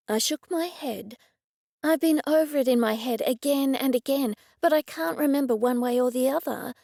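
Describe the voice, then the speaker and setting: A woman narrating an audiobook in a steady, even storytelling manner. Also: high-pitched, normal speed, vocal fry, dry recording, studio quality. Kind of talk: scripted narration.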